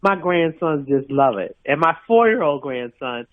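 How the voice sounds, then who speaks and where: A woman's voice: low-pitched, animated, moderate pace. An older woman calling in to a radio show, talking emphatically and repeating herself for stress. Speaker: caller. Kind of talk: radio call-in. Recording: tinny phone line.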